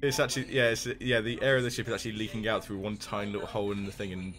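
A man's voice: on the low side, flat delivery, a bit bright. A man, narrating a tabletop game as game master in an easygoing, chuckling way. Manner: easygoing, laughs often, unhurried scene-setting.

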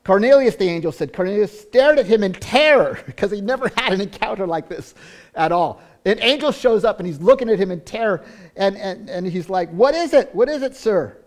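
A man preaching a sermon as pastor, earnest, often repeating words and restarting, swinging between loud stretches and hushed ones. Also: sits high, animated, a little fast.

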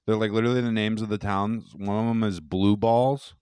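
A man's voice: lowish voice, steady tone, a little fast, a little mellow, smooth, dry recording. A young man co-hosting a podcast, talking in a loose, profane, rambling way and laughing at his own bits. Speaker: podcast co-host. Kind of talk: casual chat.

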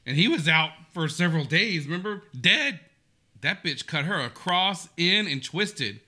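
A man hosting a reaction video, chatting casually and breaking into animated exclamations. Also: fairly high pitch, a little slow.

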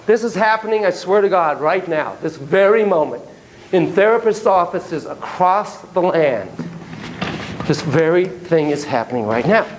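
A man giving a university lecture on psychotherapy, animated and profane, telling stories and acting out voices and sound effects. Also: high voice, normal speed, slight background noise, poor audio. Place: lecture room.

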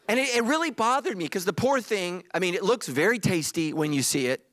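A man's voice: sits high, animated, fairly quick, few pauses, fairly bright tone, no echo. A man preaching a sermon as pastor, emphatic and repetitive, mixing humor with earnest appeals. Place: church stage.

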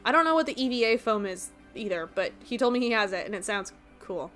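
A woman's voice: medium pitch, lively intonation, fairly bright tone, soft background music. A young woman streaming a game, chatting casually and laughing as she riffs on her viewers' jokes. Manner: chatty, giggly, quick to riff on jokes.

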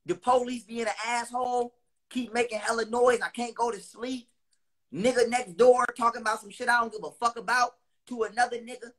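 A man delivering a heated, profane monologue to his viewers. He repeats lines for emphasis, with loud bursts between lower, quieter stretches. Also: fairly even intonation, fairly quick. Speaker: online speaker.

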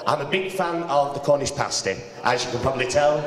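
A man's voice: medium pitch, fairly quick. A Yorkshire man doing cheeky, chatty stand-up banter with a hotel cabaret audience. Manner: cheeky, chatty crowd work. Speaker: cabaret comedian and singer. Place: hotel cabaret room on stage. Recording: roomy hall reverb.

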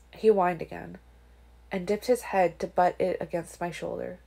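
Low-voiced woman reading a novel. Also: fairly even intonation, normal speed, vocal fry, mellow, breathy edge. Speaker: audiobook reader.

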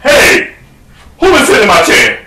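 A man voicing an indignant father bear who blusters loudly. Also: fairly high pitch, huge pitch swings, normal speed, pitched above the performer's own voice, heavily acted. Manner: shouted, blustering. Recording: echoey room, distant mic.

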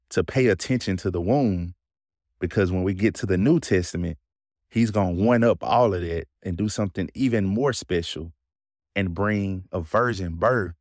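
A man's voice: low voice, dry recording, studio quality. A man with a Southern accent hosting a Bible podcast, explaining scripture in a conversational way and asking his listeners questions. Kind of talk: casual Bible teaching.

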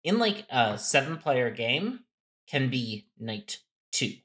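A man's voice: medium pitch, sing-song, slow pace, fairly bright tone. A man co-hosting a casual game-strategy talk, explaining step by step and thinking aloud with restarts. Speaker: co-host.

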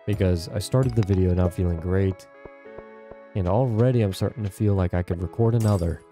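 A man's voice: low-pitched, a little fast, mellow, soft background music. A young man talking casually to his viewers while playing a farming game at home. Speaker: gaming channel host. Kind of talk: casual gameplay commentary. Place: home, indoors.

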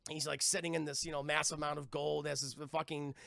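Young dude streaming a cartoon recap, rambly and sweary, gravelly bright voice, dry sound. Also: male voice, fairly high pitch, flat delivery, quick pace, dry recording. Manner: rambling and profane, addresses chat, lots of fillers. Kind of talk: casual chat recapping an episode.

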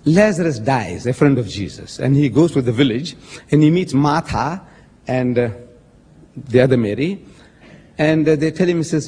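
With a mid-range, expressive voice that's warm and husky, a man speaks at normal speed in a public religious debate. He makes emphatic, pointed arguments, stresses scripture quotes dramatically and addresses his opponent as sir; the recording has the long reverb of an echoey hall.

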